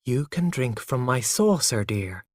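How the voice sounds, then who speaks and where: A man voicing a patient, gentle mother who speaks softly and soothingly, in a graded reader story. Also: medium pitch, animated, a little slow, dry recording, studio quality. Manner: soft, hushed, soothing.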